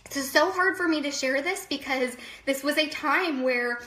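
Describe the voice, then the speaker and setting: A woman's voice: high voice, moderate pace, bright, forceful tone, echoey room. A woman in her thirties crying as she tells viewers, apologizing often and speaking straight to them. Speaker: vlogger. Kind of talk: emotional personal vlog.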